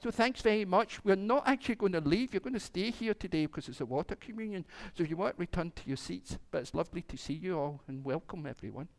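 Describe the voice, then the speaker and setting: A man's voice: sits high, animated, fast talker, gravelly, hardly any pauses. A man, a minister telling a playful children's story during a church service and acting out the animals.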